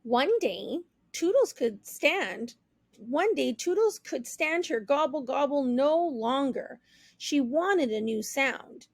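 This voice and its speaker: Woman teacher, children's read-aloud, high voice, slow and clear, dry close sound. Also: dry recording. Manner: slow, clear, expressive storytelling.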